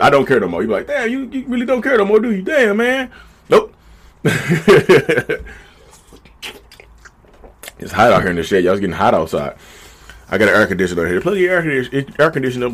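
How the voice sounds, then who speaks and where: A man's voice: mid-range voice, a bit bright. A man giving blunt, profane relationship advice in a casual vlog monologue recorded in a backyard shed. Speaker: vlogger.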